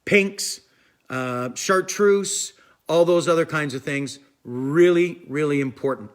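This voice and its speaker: Man, fishing stream host; chatty, rambling, a touch high-pitched. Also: takes it slowly. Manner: rambling, chatty, repeats "I'm telling you". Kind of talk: casual live stream chat, answering viewers.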